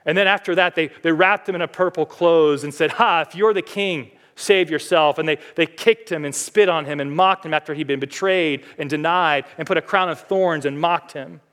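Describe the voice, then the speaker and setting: A male pastor preaching a sermon, building to loud, high climaxes and then dropping to quiet, earnest passages. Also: normal speed, few pauses.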